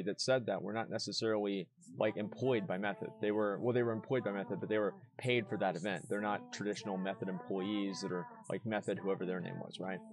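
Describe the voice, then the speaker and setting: A man streaming, arguing his side in a heated casual debate and pressing his points with repeated words. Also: on the low side.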